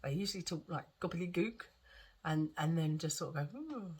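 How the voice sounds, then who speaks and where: Husky woman with a cough. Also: low voice, fairly quick. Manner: rambling, repeats herself, restarts often. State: lingering cough. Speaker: vlogger. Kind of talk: chatty storytelling vlog.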